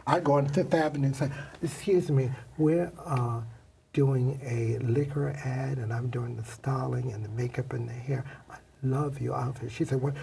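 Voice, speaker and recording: An older man, a makeup artist guest, telling animated stories in an interview and acting out the voices of the people in them. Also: medium pitch, vocal fry, distant mic, slight background noise. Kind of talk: storytelling interview.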